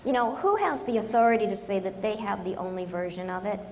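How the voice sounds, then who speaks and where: A woman's voice: medium pitch, lively intonation, fast talker, a little mellow. A woman consultant addresses a conference audience in a joking, self-deprecating way, hitting her points with emphasis. Her voice rings in a large hall with long reverb. Faint background noise hangs under it. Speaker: conference speaker, business consultant. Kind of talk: humorous conference talk.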